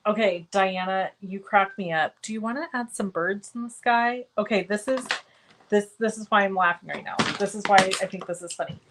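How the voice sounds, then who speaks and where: A woman with a mid-range, fairly bright voice hosts a live cardmaking stream at a moderate pace; the audio is poor, with slight background noise. Talking as she crafts, she answers viewers by name in a self-deprecating manner.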